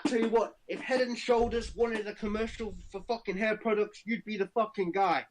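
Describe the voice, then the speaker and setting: A man's voice: high-pitched, fairly even intonation, fairly quick, slight background noise, voice pushed up, lightly acted. A man putting on an arrogant male wrestling champion with a put-on Indian accent, boasting and insulting.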